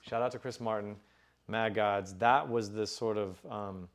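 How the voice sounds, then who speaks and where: A man's voice: lowish voice, fairly even intonation, a little slow. A man in his forties from Dallas, Texas, telling stories as an interview guest in a loose, profane, casual way. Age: 40s.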